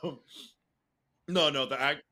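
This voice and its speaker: A young man co-hosting a casual podcast, talking freely with swearing and laughter, jumping into a high excited voice. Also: takes it slowly. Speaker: podcast co-host. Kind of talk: casual chat.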